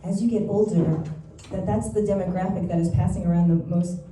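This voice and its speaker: A woman's voice: lowish voice, fairly even intonation, fairly quick, dark tone. A woman doing stand-up in a chatty, confiding way, with some filler hesitations. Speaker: stand-up comedian. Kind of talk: stand-up comedy set. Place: comedy club stage with live audience. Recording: roomy club sound from a distance, noisy.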